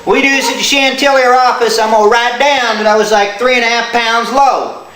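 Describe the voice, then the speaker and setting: A man with a very high, bright voice clowns through a homemade how-to, full of folksy country slang and hammy yelps. The sound is echoey, like a home video shot by a truck. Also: fairly even intonation, a little fast. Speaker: comic tire-check demonstrator. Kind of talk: goofy comedic how-to video.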